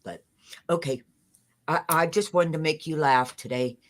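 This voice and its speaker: A woman's voice: sits low, normal speed. An older woman calling into a livestream who speaks hesitantly, stammering and restarting, in an affectionate way. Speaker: caller. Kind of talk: casual livestream call-in.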